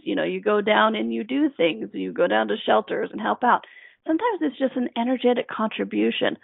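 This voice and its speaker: A woman's voice: on the high side, vocal fry, no room sound. A woman hosting a self-help radio show, talking in an earnest, coaching way and repeating her key phrases. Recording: dry tinny phone-like line.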